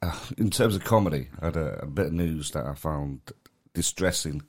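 A man's voice: extremely low pitch, fairly quick, breathy edge. A man from Manchester with a Manchester accent, co-hosting a podcast in casual chat, sounding tired and talking in a rambling, hesitant way. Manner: rambling, hesitant, restarts often. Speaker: podcast co-host, comedy promoter.

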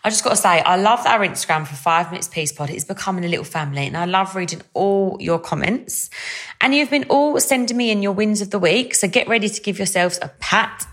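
A woman's voice: mid-range voice, animated, a little fast, fairly bright tone. A young woman hosting a casual solo podcast, chatty and bubbly, with lots of fillers. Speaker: podcast host.

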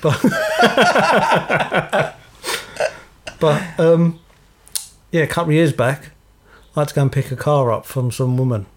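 A man's voice: on the high side, takes it slowly, pauses often. Blunt, dry-humoured podcast co-host man. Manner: dry, blunt anecdote telling. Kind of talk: casual chat, storytelling.

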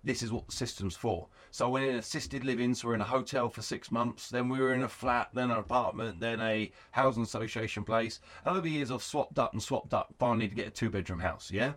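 Animated man telling a rowdy story. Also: medium pitch, a little fast, few pauses. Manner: animated, profane, acts out quoted voices. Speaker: guest, garage owner. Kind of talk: casual storytelling interview.

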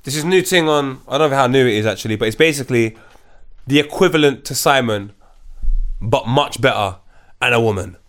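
A man's voice: mid-range voice, brisk, fairly bright tone. A man co-hosting a podcast in easygoing casual chat, chiming in and agreeing. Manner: laid-back, agreeable, chiming in. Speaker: podcast co-host.

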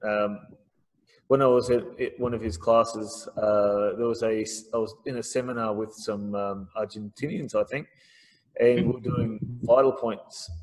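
Speaking in a lowish voice at a measured pace, a podcast host spins a casual story and animatedly voices each person in it. The recording has a slight hiss or hum and a long hall reverb.

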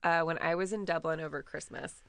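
A woman co-hosting a podcast in casual chat, rambling and quick to laugh. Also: sits low, steady tone, a bit bright, clean tone. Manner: chatty, rambling, laughs easily. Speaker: podcast co-host.

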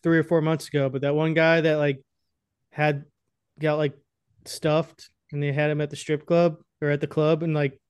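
A young man chatting loosely on a podcast, rambling and crude and often breaking into laughter. His voice sits a little high. The sound is dry and close. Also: flat delivery, normal speed, clear, resonant tone, dry recording. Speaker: podcast co-host. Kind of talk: casual chat.

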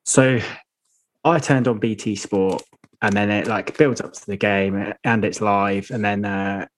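A man's voice: fairly low pitch, fairly even intonation, measured pace, a little hiss or hum. A man, co-hosting a casual football podcast and rambling through stories with laughter. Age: 30s. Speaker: podcast co-host.

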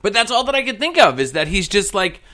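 Sex: man. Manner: chatty, animated storyteller. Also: high-pitched, fast. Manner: animated storyteller, acts out quoted voices. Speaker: podcast co-host. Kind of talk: casual chat and storytelling.

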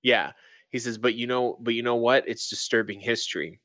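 A man's voice: medium pitch, normal speed, pushed and bright, no echo. A young man co-hosting a casual podcast, reading a news article aloud and breaking off into swearing asides. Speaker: podcast co-host.

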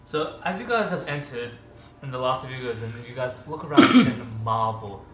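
Lively man narrating as game master. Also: medium pitch, moderate pace, echoey room, a little hiss or hum.

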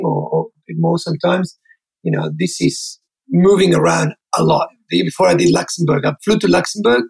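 A man tells his stories at a fast clip. His voice sits high, with a heavy gravel and a husky edge. He is an animated interview guest who acts out every line of dialogue. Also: low-quality recording. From Australia. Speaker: interview guest, keynote speaker. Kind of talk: animated storytelling.

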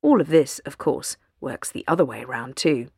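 A woman narrating a news feature in a measured, deliberate way. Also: rumbling low, lively intonation, creaky, a little mellow, husky, dry recording, studio quality. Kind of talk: scripted narration.

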